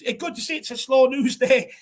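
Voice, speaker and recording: An Irish man co-hosting a fan channel, chatting casually on a live stream and reading out viewer comments with shout-outs. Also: extremely high pitch, fairly quick. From Ireland.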